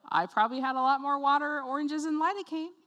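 A woman preaching a sermon, telling a personal story in an animated way and acting out other people's voices. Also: high-pitched. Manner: animated storytelling, acts out voices, laughs often.

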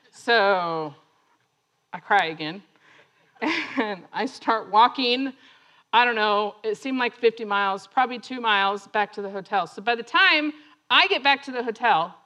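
A woman telling a personal story that turns into a lesson, laughing often and acting out other people's lines. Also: a little high. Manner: laughing often, animated retelling; acts out other voices in her story. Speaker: speaker sharing a testimony.

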